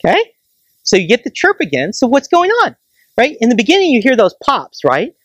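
An astronomer gives a public science lecture at a planetarium, enthusiastic and explaining with plain everyday comparisons. The speaker keeps checking in with the audience with a quick "right?". The voice sits in a middle pitch and is recorded dry, with little room sound. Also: wildly swooping pitch, dry recording.

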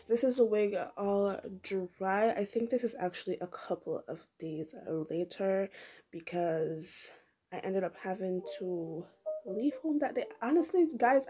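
A woman's voice: mid-range voice, dark tone. A woman doing a casual, chatty voiceover for a beauty vlog in her groggy morning voice, full of playful slang. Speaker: beauty vlogger.

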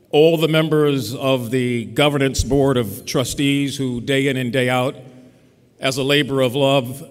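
A man giving a keynote commencement address in a formal, oratorical style with a rhetorical cadence. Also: medium pitch. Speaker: keynote speaker. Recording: reverberant ceremony venue.

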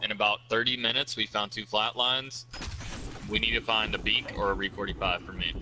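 A man streaming a shooter game, chatting loosely with his teammates and making quick callouts. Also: fairly low pitch, fairly even intonation. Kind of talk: casual gaming chat with teammates. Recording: noisy with game sounds behind.

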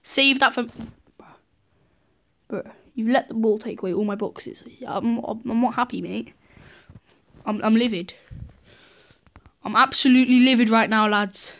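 Excitable woman gaming commentary. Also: on the high side, unhurried, long pauses. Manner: excitable, cheers and scolds teammates. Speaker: gaming video host. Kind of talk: live gameplay commentary.

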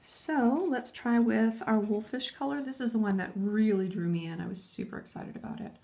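A woman's voice: fairly high pitch, moderate pace, gravelly, mellow, a little hiss or hum. A woman chatting casually and enthusiastically, thinking aloud as she demonstrates nail stamping. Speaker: nail art vlogger. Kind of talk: casual tutorial chat.

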